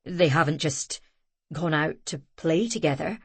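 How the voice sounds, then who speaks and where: A gruff, protective grown man in an audiobook, his voice dropped low and slowed to a tense mutter, as a woman narrator puts him on. It is recorded close and dry. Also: animated, no echo, exaggerated voice. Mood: alarmed.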